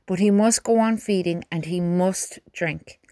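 A woman voicing a calm, commanding middle-aged army major. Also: high-pitched, dry recording, clean studio sound. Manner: measured, commanding.

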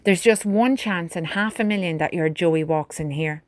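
A woman's voice: lowish voice, normal speed, no room sound, close to an everyday voice. A woman voicing a blunt, grumbling young male soldier who scolds his friend in an exasperated way, recorded dry.

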